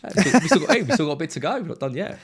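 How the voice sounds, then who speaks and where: A man co-hosting a football podcast, relaxed and teasing in casual chat. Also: on the high side, very fast, crowd noise. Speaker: podcast co-host.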